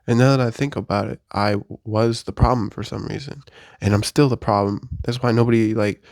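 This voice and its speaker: Gravelly young man rambling to himself. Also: lowish voice, brisk, no echo, studio quality. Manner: rambling and self-deprecating, with restarts and fillers; rising to animated rhetorical questions. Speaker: vlogger. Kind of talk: casual confessional monologue to camera. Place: his bedroom.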